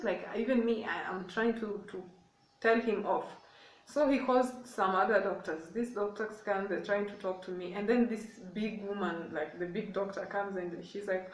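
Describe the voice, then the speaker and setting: Speaking at normal speed in a medium-pitched voice, a young vlogger from Kenya tells a personal story with casual emotion, often looping back and repeating herself. She's some distance from the microphone, and the room lends a hollow echo.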